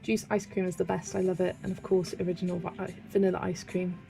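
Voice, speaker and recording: A woman's voice: lowish voice, little pitch movement, fast, vocal fry, dark tone, faint music behind. A young British woman with a British accent, chatting casually and giggling while she colours on a livestream and reads out viewer comments. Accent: British English. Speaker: colouring channel host.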